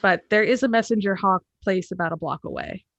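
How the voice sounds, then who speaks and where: A woman's voice: mid-range voice, brisk, a bit bright, dry recording. A young woman speaking as a player in a tabletop game, chatty and in character. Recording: dull, dry mic.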